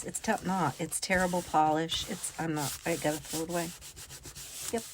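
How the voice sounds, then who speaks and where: A woman's voice: low voice, steady tone, fairly quick. A woman talking casually as she works on a craft project, thinking aloud and sometimes dropping to a whisper. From United States. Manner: chatty, thinks aloud, drops to whispers while working. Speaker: crafting vlogger. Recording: loud background noise.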